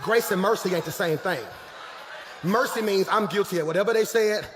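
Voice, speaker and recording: A man preaching a sermon to a congregation, shouting and joking with them. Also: high voice, normal speed, in a large hall, slight background noise. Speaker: pastor.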